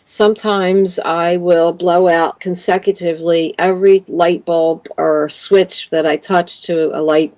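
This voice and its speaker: A woman from Canada in her fifties, a guest in an interview, telling rambling, animated stories. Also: lowish voice, muffled recording. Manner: rambling, animated storytelling with laughs. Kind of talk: casual interview.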